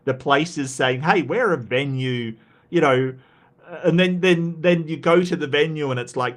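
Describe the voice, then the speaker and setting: A man's voice: mid-range voice, fairly bright tone. Australian male streamer, casual and rambling, reads chat aloud, full of restarts and fillers.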